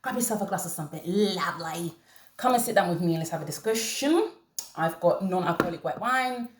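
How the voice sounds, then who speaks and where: A woman hosting a commentary channel, talking to camera in an animated way and repeating her points for emphasis. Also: fairly low pitch, a little fast, reverberant. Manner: animated, laughing, emphatic repetition.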